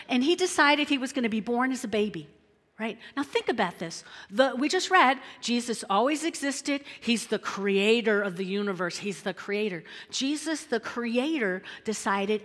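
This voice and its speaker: A woman preacher with a fairly high voice delivers a sermon, animated and conversational, constantly checking that her listeners are with her. Her voice rings out with a long hall reverb behind it. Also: moderate pace. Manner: animated, checks in with the audience often.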